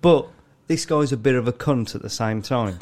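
A man's voice: mid-range voice, moderate pace, darkish tone. A man in his thirties, co-hosting a podcast, telling crude anecdotes with lots of swearing and grunting impressions. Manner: swears freely, acts out customers with grunts. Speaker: podcast co-host. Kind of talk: crude casual banter.

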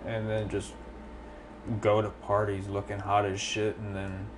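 A man's voice: fairly low pitch, completely flat delivery, a little slow, background noise. A man from the South, rambling and swearing casually as a podcast co-host. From American South. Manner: profane, rambling, talkative. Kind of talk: casual chat.

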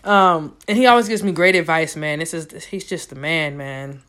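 A woman's voice: low voice, moderate pace, a bit bright. A young adult woman hosting her own podcast, talking casually in a loose, profane, slang-heavy way, as if at home. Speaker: podcast host. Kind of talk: casual solo podcast chat.

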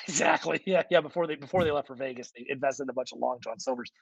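A man from the United States co-hosting a comedy podcast, chatty and quick to laugh as he riffs on tangents. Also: mid-range voice, creaky, breathy edge, no echo, muffled recording. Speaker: podcast co-host. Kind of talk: casual comedic chat.

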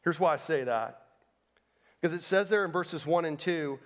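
High-voiced preaching man in a reverberant hall. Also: moderate pace, long pauses. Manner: dynamic preaching, swings from loud emphatic to soft and low. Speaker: pastor. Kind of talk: sermon. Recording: long reverb of a large hall.

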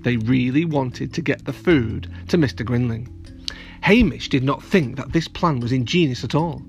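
A man narrating a storybook for children, expressive and speaking straight to young listeners. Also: mid-range voice, moderate pace, highs cut off, faint music behind. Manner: expressive, addresses children directly. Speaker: storyteller host.

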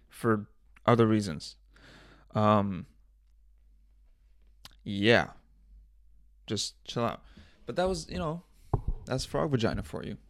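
A man hosts his own podcast alone, rambling from one joke to the next and swearing freely. His mid-range voice has a gravelly, fried edge. The sound is dry and close, with no room echo. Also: mid-range voice. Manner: rambling, joking, frequent swearing and self-talk. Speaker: podcast host. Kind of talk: solo casual podcast rambling.

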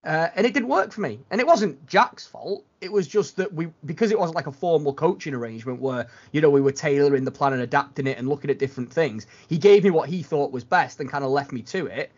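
Rambling man, slightly high voice. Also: fast talker, few pauses. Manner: rambling, restarts a lot. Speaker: podcast host. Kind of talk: casual chat. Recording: dull lo-fi sound.

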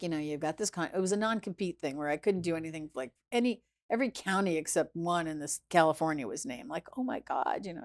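A chef and restaurant founder, appearing as a guest in a casual interview, tells a story with animated energy in a lowish voice. She acts out quoted voices and swings between hushed and loud.

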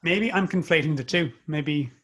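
A man's voice: on the high side, normal speed, a bit bright. A man in casual chat about a film, easygoing and joking with his co-host. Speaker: podcast co-host.

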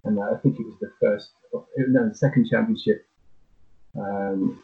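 A middle-aged man speaking reflectively in a halting way, searching for his words. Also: on the low side, fairly even intonation, gravelly. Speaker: podcast guest, flag football parent. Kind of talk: casual chat, reflective. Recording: tinny phone-like line.

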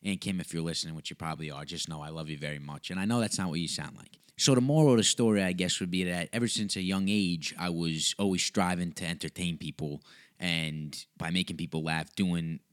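Young comedian hosting a solo podcast; low voice, loose, profane, rambling delivery. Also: male voice, brisk, no echo, studio quality. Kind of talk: casual solo podcast monologue. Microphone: USB microphone.

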